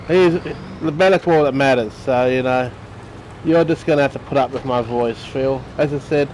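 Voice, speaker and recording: A man's voice: mid-range voice, moderate pace, a little mellow, a little hiss or hum, poor audio. A man giving casual, chatty commentary while playing a game and teasing viewers by name. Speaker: gaming streamer.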